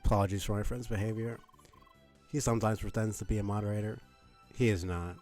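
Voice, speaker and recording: A man's voice: on the low side, steady tone, fast talker, darkish tone, faint music behind, lightly acted. A man doing a sassy French-flavored young woman. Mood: brisk. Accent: weak put-on French.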